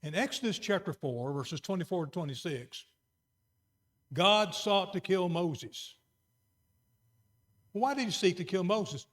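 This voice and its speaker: A middle-aged man preaching a sermon, moving between quiet, earnest emphasis and raised exhortation. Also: sits high, expressive, unhurried, pauses often.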